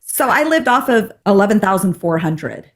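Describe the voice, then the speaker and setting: A woman in her thirties, co-hosting a podcast, telling a story in a casual, animated way and acting out the people in it. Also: mid-range voice, moderate pace. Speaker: podcast co-host.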